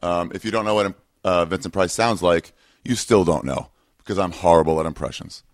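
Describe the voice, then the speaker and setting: A man's voice: deep voice, fairly quick. A man hosting his podcast, rambling through a casual intro with many ums and uhs. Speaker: podcast host.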